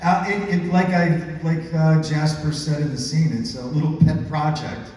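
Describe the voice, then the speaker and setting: Halting male actor in an echoey hall. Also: fairly high pitch, steady tone, a little mellow. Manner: halting, many fillers and restarts. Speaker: actor on a panel. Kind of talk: panel talk. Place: convention panel stage. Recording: echoey convention hall, far mic.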